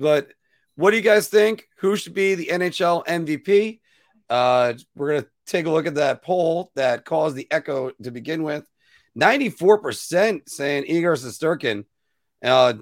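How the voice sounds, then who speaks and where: A man's voice: fairly high pitch, dry recording, studio quality. A man co-hosting a casual hockey podcast, laughing at his own slips and mocking himself as he talks. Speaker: podcast co-host.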